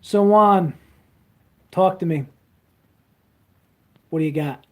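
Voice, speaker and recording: A man's voice: high voice, slow. A young man rambling casually on a phone livestream, crude and full of fillers while he reads comments. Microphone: handheld phone.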